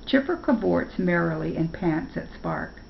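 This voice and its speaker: An older woman reading a children's fairy tale aloud in a gentle, deliberate storytelling manner. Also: on the low side, gravelly, muffled recording, slight background noise.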